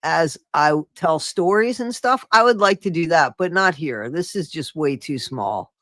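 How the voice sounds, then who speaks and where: A woman hosting a live stream, chatting casually and excitably with her viewers. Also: low voice, unhurried, dry recording, clean studio sound. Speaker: streamer host.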